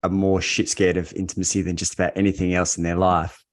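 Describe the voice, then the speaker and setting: Deep-voiced male podcast host. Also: fast. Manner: relaxed, casual questioning with slang. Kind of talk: podcast interview.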